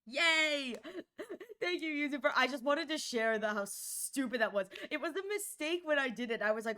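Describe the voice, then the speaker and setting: A woman streaming live, chatting casually with her viewers in a bubbly, giggly, animated way. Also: on the high side, normal speed.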